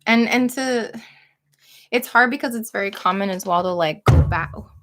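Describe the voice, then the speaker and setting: A woman's voice: on the high side, normal speed, a bit bright. A woman in her thirties, chatting casually on a livestream, supportive, with lots of filler words. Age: 30s. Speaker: livestream co-host. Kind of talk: casual chat.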